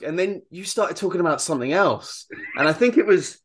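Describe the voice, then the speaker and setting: A man hosting an interview, telling an embarrassing story in a lively, self-deprecating way. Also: fairly high pitch, a little fast, background noise. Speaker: podcast host. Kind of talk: casual interview chat.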